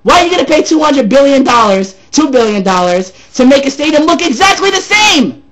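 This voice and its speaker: Casting: man, high voice, wildly animated, profane angry sports rant, slightly sore from shouting. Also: fairly quick. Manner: loud, profane, repetitive ranting. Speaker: sports ranter.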